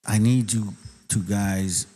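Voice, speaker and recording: A man's voice: fairly low pitch, fairly even intonation, slow, mellow. A man hosting his own channel, giving a heated, profane rant of commentary straight to his viewers. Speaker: channel host. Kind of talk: ranting commentary on a clip.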